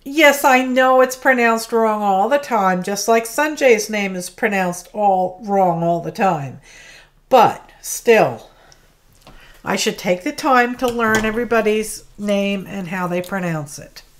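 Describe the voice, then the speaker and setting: A woman talks through a craft project on a livestream in a relaxed, slow-paced way. She keeps up friendly chatter, greeting and thanking her viewers by name. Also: medium pitch. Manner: chatty, greets viewers by name, apologetic about mispronouncing names. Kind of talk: chatty live craft demonstration. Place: home craft studio.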